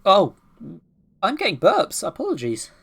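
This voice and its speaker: A woman's voice: mid-range voice, wildly swooping pitch, a little slow, a bit bright, slightly rough. A woman streaming a game, chatting and joking about herself as she plays. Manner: chatty, self-deprecating. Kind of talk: let's play with reading aloud.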